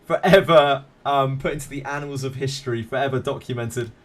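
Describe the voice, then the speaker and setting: A man's voice: mid-range voice, a little fast, slight background noise. A man streaming a game live, chatting casually with viewers in a laid-back, self-mocking way and swearing freely.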